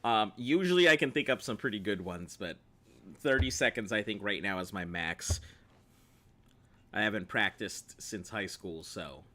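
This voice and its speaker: A man talks through his gameplay stream, cracking jokes with viewers and laughing often. His voice sits lowish yet comes across bright and forward. His delivery stays loose and playful. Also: expressive, moderate pace. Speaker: game streamer. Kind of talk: gameplay commentary chatting with viewers.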